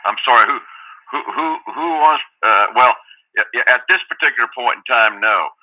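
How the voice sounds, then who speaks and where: A man answering a cold call on the phone, halting and repeating his words as he answers. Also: medium pitch, pushed and bright. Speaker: property owner on the phone. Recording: tinny phone line.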